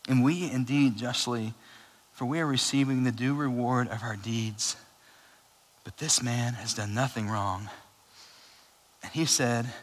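A man preaching a sermon in a casual, animated way, with chatty asides. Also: mid-range voice, normal speed. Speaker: pastor. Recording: long hall reverb.

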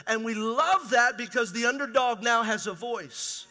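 A man's voice: very high voice, normal speed, sharp tone. A middle-aged man preaching a sermon as pastor, raw and conversational, asking his congregation rhetorical questions. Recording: reverberant hall.

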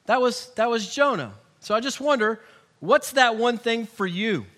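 Casting note: middle-aged male pastor, very high bright voice, animated sermon delivery. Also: moderate pace. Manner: animated, swings from hushed to loud, acts out quoted voices.

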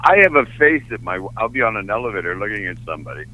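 A man's voice: on the low side, sing-song, very fast, bright, forceful tone, no room sound, rough recording. An older man from Canada, an actor, telling candid and emotional stories from his life in an interview, often restarting his sentences. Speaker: actor guest. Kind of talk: anecdotal interview storytelling.

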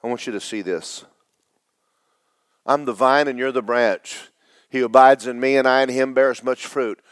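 A middle-aged male pastor preaching, his voice tearful, dropping to whispers and rising to loud cries. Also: mid-range voice, fairly even intonation, moderate pace, clear, resonant tone, no echo. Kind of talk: sermon.

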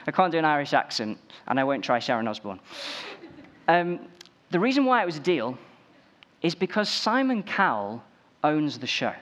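A man's voice: a little high, lively intonation, a little fast, a bit bright. A man preaching a sermon, building emphasis through repeated phrases.

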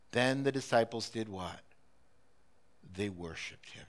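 A middle-aged man preaching a sermon as a pastor, impassioned, swinging between loud urgency and hushed, intimate passages. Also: mid-range voice, normal speed.

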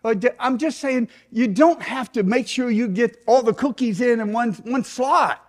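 A middle-aged man, a pastor preaching a sermon in an animated way that sinks into soft prayerful tones. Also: very high-pitched, moderate pace.

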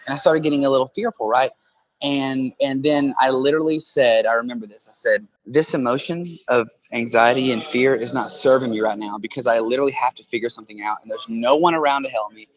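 A man's voice: medium pitch, steady tone, fairly quick, highs cut off. Earnest man explaining with analogies. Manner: earnest, explains with analogies, keeps asking "right?". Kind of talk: casual conversation. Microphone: handheld phone.

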